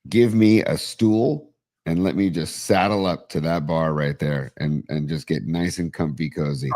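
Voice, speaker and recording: Male co-host with a very low voice, relaxed and keen. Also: measured pace, dry recording, studio quality. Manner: easygoing, enthusiastic, reads out listener mail. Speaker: podcast co-host. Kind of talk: casual sports talk show. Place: small studio.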